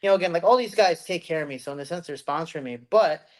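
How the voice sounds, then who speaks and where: A man's voice: a little high, fast talker. A man hosting a podcast, talking loosely in casual chat with lots of fillers. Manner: loose, filler-heavy talk.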